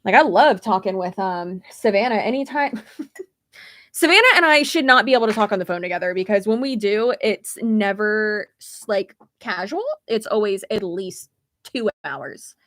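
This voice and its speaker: A woman's voice: medium pitch, moderate pace, a bit bright, dry recording. A young woman creator ranting in a casual livestream, blunt and rambling, swearing freely. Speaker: YouTube creator.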